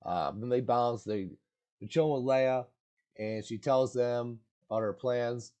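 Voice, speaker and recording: A man's voice: mid-range voice, a little slow, darkish tone. A man giving a casual, slangy movie recap in a laid-back way, full of filler words.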